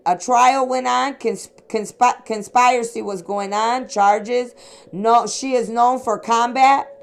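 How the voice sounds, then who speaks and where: A woman from the Chicago area giving a casual psychic reading, rambling and talking straight to her listeners. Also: fairly high pitch. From Chicago area, USA. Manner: rambling, addresses listeners directly with "okay?" and "sweetheart". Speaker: psychic reader. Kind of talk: casual spiritual reading monologue.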